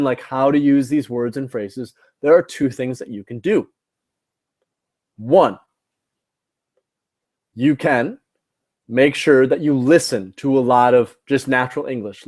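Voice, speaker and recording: A man's voice: medium pitch, darkish tone. Man teaching in a live class. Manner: instructive, repeats points, asks "right?" and "okay?". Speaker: TOEFL teacher. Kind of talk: live online class lesson.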